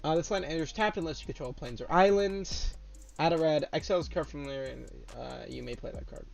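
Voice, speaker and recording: A young man with a fairly high-pitched voice reads out trading card text in a casual tone. He breaks into loud, swearing outbursts of excitement between cards. Faint music plays underneath. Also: brisk, vocal fry. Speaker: card game content creator. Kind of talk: casual card spoiler reaction.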